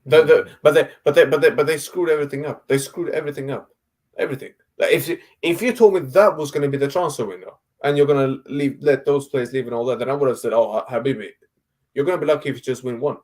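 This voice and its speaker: On an online call, this football podcast co-host argues casually about the game, sounding blunt and exasperated as he swears and throws out rhetorical questions. His voice is a little high and fast, with a darkish tone.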